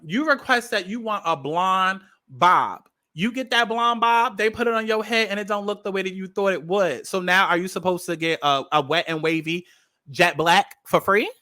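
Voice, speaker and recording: A woman gives blunt, sassy commentary on a viral video. She hammers her points by repeating them, and her voice is bright and forward. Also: medium pitch, animated, normal speed. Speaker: commentary host.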